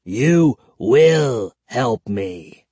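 Super slow murmury ancient vampire, low and gloomy, dry close sound. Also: male voice, lively intonation, dark tone, husky, no echo, full character voice. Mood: commanding. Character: ancient withered male vampire, hungry and mournful. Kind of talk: audiobook reading.

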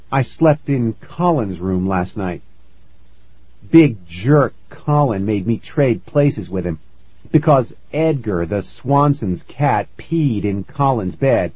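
A man narrating a first-person story in a measured storytelling manner, on a dull, lo-fi recording. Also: medium pitch, a little mellow, slightly rough, no room sound. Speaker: audiobook narrator.

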